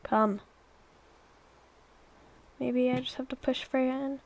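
A woman's voice: high voice, steady tone, slow, pauses often, no room sound. A young woman chatting and rambling through her gameplay commentary, exclaiming and coaxing her pets along. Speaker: let's play YouTuber.

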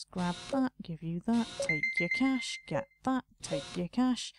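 A woman's voice: on the low side, expressive, measured pace, few pauses, background noise. A woman talking casually to herself while playing a video game, muttering and playfully scolding the game's customers. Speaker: gaming video host. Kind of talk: casual let's play commentary.

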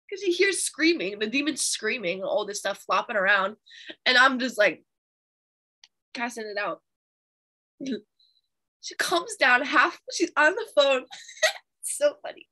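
A young woman teaching a Bible study, telling a testimony in an animated, chatty way with fillers. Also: high voice.

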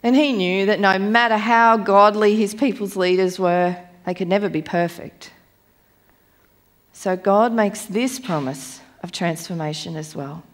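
A woman preacher giving a sermon, reading scripture aloud in a measured, emphatic way and slowing down on key phrases. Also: medium pitch. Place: church.

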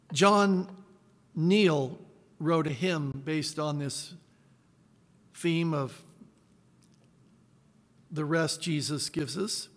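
A man preaching a sermon as pastor, measured, with dramatic pauses. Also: fairly high pitch, a bit bright. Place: church sanctuary. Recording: long church reverb.

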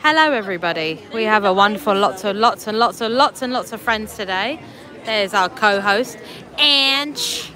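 A woman's voice: mid-range voice, expressive, brisk, a bit bright. A woman hosting a casual outdoor livestream, greeting viewers by name and teasing her co-host. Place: outdoors at a theme park. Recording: outdoor phone stream with crowd noise.

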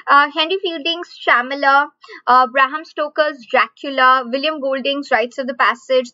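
Indian English woman, high bright voice, live online teacher who drills questions; dry, dull lo-fi sound. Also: no echo. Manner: repeats questions slowly, drawn-out emphasis. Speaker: online exam-prep teacher.

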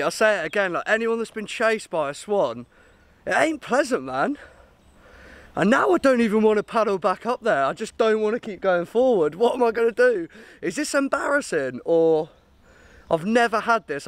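An outdoor vlogger with a high voice talks casually to camera by a river and in woods, chatty and often laughing at himself. The recording is dry.

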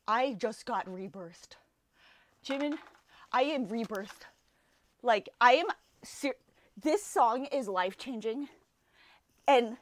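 A young adult woman reacting to an album on first listen, gushing and excitable, full of exclamations and trailing fillers. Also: fairly high pitch. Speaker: music reaction vlogger.

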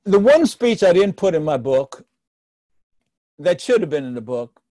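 An older man tells speaking stories in a high, lively voice. He acts out the people he quotes. The sound is dry and close, with no room echo. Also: measured pace. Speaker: author and public speaker. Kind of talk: storytelling talk on public speaking.

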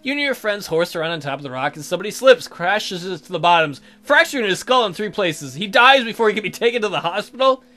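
A young man narrates a game's text and riffs on it with sarcastic, foul-mouthed asides that can suddenly erupt into loud rants. His voice sits a bit high and sounds bright and sharp, and his pitch swings widely as he talks. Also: lively intonation, quick pace, hardly any pauses. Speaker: let's play host. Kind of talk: reading game text aloud with joking commentary.

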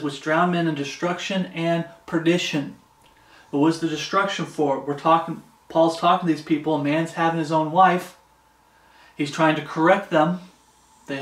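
A male preacher with a fairly high voice gives an informal, earnest sermon, repeating phrases for emphasis and stopping to read scripture. He stands some way from the mic, and the room answers with a noticeable echo. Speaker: pastor. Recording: echoey room, distant mic.

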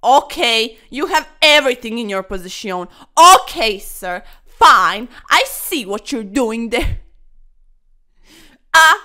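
A woman's voice: a little high, animated, measured pace, hardly any pauses, bright, forceful tone. A young woman commentating her own online chess games in a playful, dramatic way, full of quirky slang and mock-formal asides. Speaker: chess streamer.

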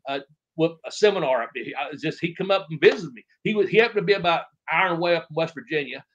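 A middle-aged man spins loose, rambling anecdotes, swearing casually and slipping into quoted voices as he goes. His voice sits a little high for a man, and the podcast audio comes through muffled and lo-fi. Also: fairly bright tone. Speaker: interview guest, former wrestler. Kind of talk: casual storytelling interview.

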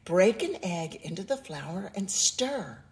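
Brief: woman playing a patient storybook mom, calm, slow and measured, melodic. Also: lowish voice, full character voice. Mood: instructive. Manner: calm, instructive. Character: patient mother giving instructions.

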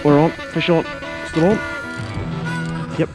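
A man with a fairly high voice gives enthusiastic, encouraging commentary from a small fishing boat. He cheers and whoops when fish come in, with music playing underneath. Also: level tone, a little slow. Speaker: fishing channel host. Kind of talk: excited casual commentary while fishing.

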